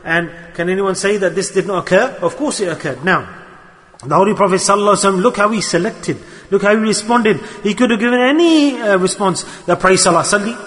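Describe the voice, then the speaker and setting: A man giving a sermon on a hadith, quick and emphatic, firing rhetorical questions at the audience. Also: sits high, fairly bright tone. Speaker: preacher. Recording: long hall reverb.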